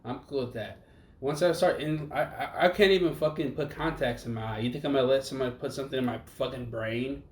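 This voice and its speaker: A man's voice: mid-range voice, quick pace. A young man co-hosting a casual podcast, rambling and profane, trailing off mid-thought. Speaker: podcast co-host. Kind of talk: casual chat. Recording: echoey room, faint background noise.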